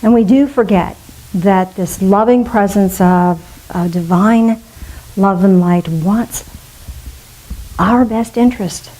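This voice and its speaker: A woman's voice: medium pitch, mellow, rough recording. A middle-aged woman minister giving a spiritual talk to a congregation, playful and musing aloud with asides.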